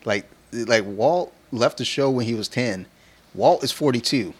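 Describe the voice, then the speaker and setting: A man's voice: medium pitch, measured pace, breathy edge. A man co-hosting a podcast, rambling in crude, slangy casual chat. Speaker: podcast co-host.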